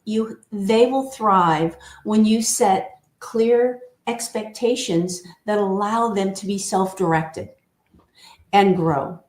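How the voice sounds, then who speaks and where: Measured woman coach in an echoey room. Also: medium pitch. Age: older. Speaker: guest, team culture coach. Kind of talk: conversational interview.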